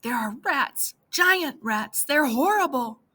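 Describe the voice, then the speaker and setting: A woman's voice: sits high, expressive, slow, bright, forceful tone, voice pushed up, heavily acted. A woman voicing a frightened young wife in hiding, anxious and pleading, in an audiobook reading.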